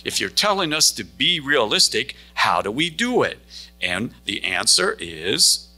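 Gravelly-voiced preacher with a bright edge. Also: male voice, medium pitch, very animated, measured pace, soft background music. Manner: storytelling preacher who acts out dialogue. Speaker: pastor. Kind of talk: sermon. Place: church sanctuary.

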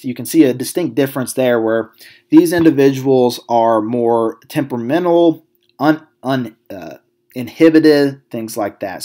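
A man's voice: medium pitch, darkish tone. A man with a Southern American accent, a psychology instructor giving a recorded lecture over slides, speaking in a conversational way with many fillers and restarts. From Southern United States.

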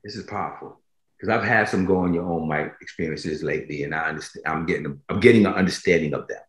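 A man's voice: low voice, fast. A man preaching a sermon, emphatic, repeating phrases for stress and asking his listeners directly if they follow. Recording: roomy echo.

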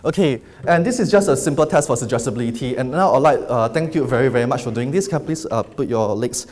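A man giving a live lecture, guiding volunteers through hypnosis with slow, soothing suggestions between upbeat stage remarks. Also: mid-range voice, darkish tone. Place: large lecture hall with audience. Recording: echoey hall, faint noise.

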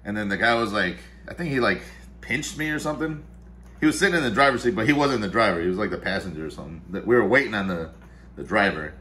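Making coffee in his kitchen-dining room, the vlog host talks fast and animatedly in a lowish, sharp-toned voice, rambling, swearing and muttering as he goes. A little hiss or hum sits under the audio.

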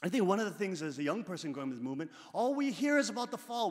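Guy preaching, kinda high voice, keeps repeating himself and getting loud, big echoey hall. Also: expressive, fast talker, few pauses. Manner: repetitive, rising to emphatic bursts. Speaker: religious teacher. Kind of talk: sermon-style talk.

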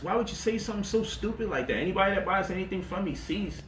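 A man hosting a lively talk about money, boasting, laughing and swearing freely, and mocking his critics in quoted voices. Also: high voice, fast, reverberant, slight background noise. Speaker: host. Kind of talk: animated livestream talk.

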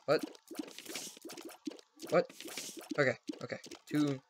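A man's voice: fairly high pitch, takes it slowly. A young man casually commenting on the video game he is playing, chatty and goofy, talking to his pets at home. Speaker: gaming channel host. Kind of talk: casual let's play commentary. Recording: noisy home recording.

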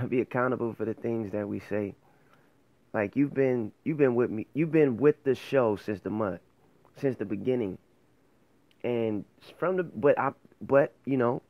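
A man's voice: medium pitch, dry recording, muffled recording. A man hosting his own faith show, talking casually and earnestly to camera, rambling and correcting himself as he goes. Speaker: host of an online faith show.

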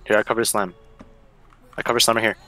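A man's voice: on the low side, fast, music in the background. A young man in casual voice chat while gaming with friends, joking and calling out plays. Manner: excitable, joking, calls out plays. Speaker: gamer on a stream.

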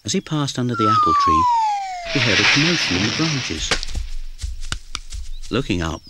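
A man narrating a cartoon story in a gentle, storytelling manner. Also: on the high side, wildly swooping pitch, moderate pace, very noisy. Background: music.

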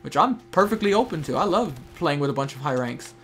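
A man's voice: on the high side, animated, fast, fairly bright tone, soft background music. A young man giving casual, chatty commentary while playing a shooter game, talking to teammates and viewers. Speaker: gameplay streamer. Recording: faint game gunfire behind.

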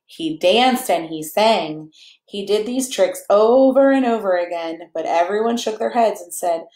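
A woman reading a picture book aloud to children in a playful, animated way, chatting to them and to her dog between pages. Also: medium pitch, measured pace. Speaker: children's story reader. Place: church or home room, echoey. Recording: echoey room.

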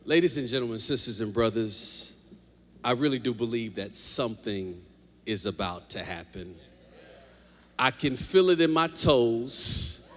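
A man preaching a lively sermon as pastor, joking with the congregation in a large church. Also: medium pitch. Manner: animated preaching, jokes with the congregation. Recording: long hall reverb.

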